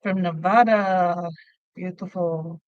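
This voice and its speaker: A woman's voice: on the low side, steady tone, slow pace, no echo, lo-fi sound. A middle-aged woman hosting a casual crochet livestream from home. She chats easily, laughs often and answers viewer comments aloud as she works. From Australia. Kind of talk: casual live chat while crocheting.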